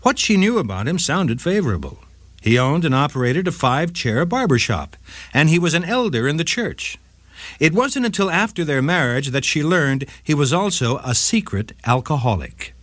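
A man's voice: fairly high pitch, moderate pace, no echo, studio quality. A man hosting a short legal radio segment, reading a scripted case story with dramatic flair. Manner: dramatic, lively storytelling read.

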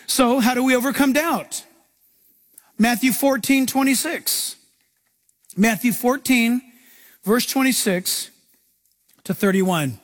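A man preaching a sermon, reading scripture and acting out biblical figures in raised, lively voices. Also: very high-pitched, slow pace, long pauses, big-room sound. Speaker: pastor.

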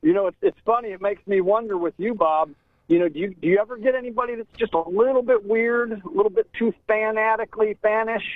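A man's voice: high-pitched, quick pace, no echo. A man calling in to a radio show, friendly and laid-back, tossing in words like man and brother. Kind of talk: casual call-in chat. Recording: phone line into a radio show.

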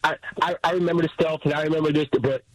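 Husky guy on the phone telling his story, earnest and emotional. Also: fairly high pitch, steady tone, very fast, no echo. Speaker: caller, military veteran. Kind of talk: telling a story on a call-in show. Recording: phone line.

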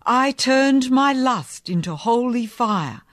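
A woman's voice: a little high, expressive, slow, no room sound, clean studio sound, voice pushed up. A woman voicing a stern, zealous middle-aged male preacher who speaks in a fervent, sermonizing way. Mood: preaching.

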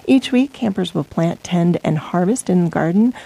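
A woman's voice: lowish voice, expressive, moderate pace, gravelly, warm tone, husky, rough recording. A woman radio host reading local community announcements in a casual way, with fillers and small stumbles. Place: radio studio. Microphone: studio microphone.

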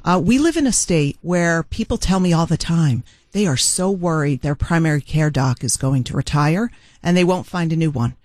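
A man's voice: a little high, dry recording, clean studio sound. Earnest man challenging in a debate. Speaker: political candidate in a debate.

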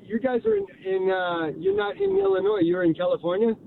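An older man calling in to a radio show, talking in a rambling, halting way. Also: very high-pitched, very animated, gravelly, a crowd in the background. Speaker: caller. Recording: noisy phone line from a moving vehicle.

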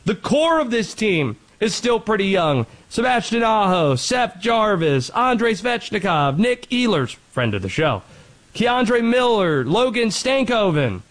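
Animated sports host rattling off stats. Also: male voice, high voice, measured pace, rough recording. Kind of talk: sports commentary monologue.

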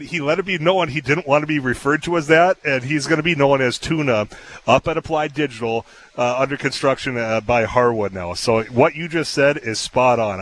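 A man's voice: medium pitch, a bit bright, slight background noise, poor audio. A man hosting a talk radio show, chatting casually and telling stories with frequent fillers and laughs, in a radio studio. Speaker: radio host.

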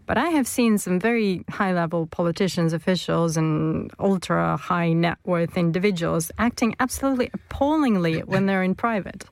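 A woman's voice: fairly low pitch, normal speed, hardly any pauses, no room sound. A woman on a radio panel, chatting and giggling often. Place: radio studio.

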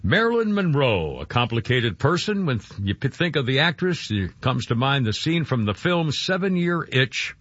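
Excitable radio host with husky voice. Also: male voice, medium pitch, dry recording. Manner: rambling, excitable, quick to laugh. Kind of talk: casual morning radio talk. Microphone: studio microphone. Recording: dull radio broadcast sound.

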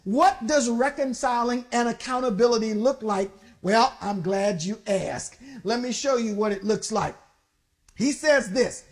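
A high-voiced, middle-aged woman preaching a fervent sermon. She calls out to the congregation, pushes for answers and rises into shouts at her strongest points. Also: a little slow. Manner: call-and-response preaching, rising to shouts.

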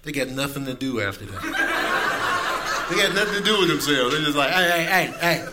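High-voiced man doing laid-back stand-up. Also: sing-song, moderate pace, heavy background noise. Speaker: stand-up comedian. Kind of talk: stand-up set.

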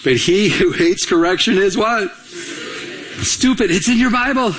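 A male pastor preaching a sermon in an animated way, acting out everyday dialogue and repeating himself as he talks. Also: high-pitched, moderate pace, a little hiss or hum. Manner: animated, acts out quoted dialogue, frequent repetitions.

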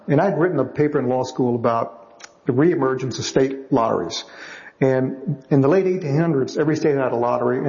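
Guy with a gravelly voice, animated storytelling, kinda muffled recording. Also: medium pitch. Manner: animated anecdotes, acts out other people's lines. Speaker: novelist guest. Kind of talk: storytelling interview answers.

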